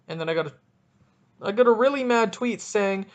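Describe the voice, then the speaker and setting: A young man hosting a solo casual podcast, rambling and joking at himself in an animated way. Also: high voice, moderate pace, pauses often. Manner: rambling, jokey, animated, self-deprecating. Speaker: podcast host.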